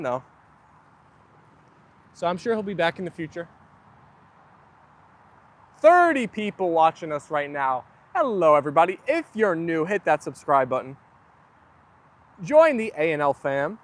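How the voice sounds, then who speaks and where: A young man hosting a casual livestream, chatting and reading viewer comments aloud. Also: high-pitched. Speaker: livestream host. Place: outdoors near a garden.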